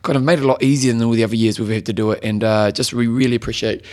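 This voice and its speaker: A man's voice: mid-range voice, fairly even intonation, very fast, a little mellow. Joking man co-hosting a podcast. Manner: jokey, playful, reads out names. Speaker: podcast co-host. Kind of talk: casual chat.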